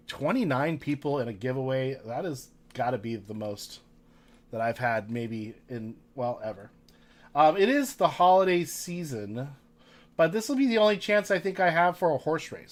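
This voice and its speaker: A man's voice: on the high side, a bit bright. A man hosting a casual card-break livestream, chatting with viewers and reading their names aloud.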